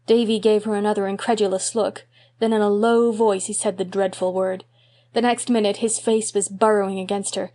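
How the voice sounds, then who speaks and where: Woman narrating a classic novel. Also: mid-range voice. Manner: measured, expressive storytelling. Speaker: audiobook narrator. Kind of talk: audiobook narration.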